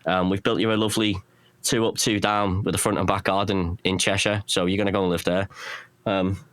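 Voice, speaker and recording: A man with a Runcorn Scouse accent and a fairly low voice, chatting as a guest on a podcast. He rambles, pokes fun at himself and restarts his sentences a lot. The sound is dry and close to the mic. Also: level tone, fairly quick, a bit bright, clear, resonant tone, dry recording. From England. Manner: rambling, self-deprecating, restarts often. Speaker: guest, pedal maker. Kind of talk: casual podcast interview.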